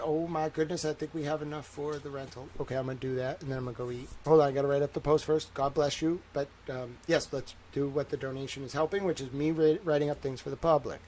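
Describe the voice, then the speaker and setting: A man chats through a casual livestream in a slightly high voice. He rambles upbeat to his viewers, half talking to himself as he types. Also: darkish tone, a little hiss or hum. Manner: rambling, thinks aloud while typing. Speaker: livestream host.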